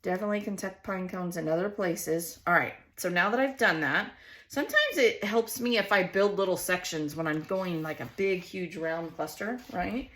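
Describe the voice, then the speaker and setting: A woman's voice: fairly low pitch, expressive, moderate pace, fairly bright tone. A woman with a Southern US accent hosting a casual scrapbooking vlog, thinking aloud in a chatty, self-questioning way as she arranges stickers. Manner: chatty, musing to herself while arranging stickers. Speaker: scrapbooking host.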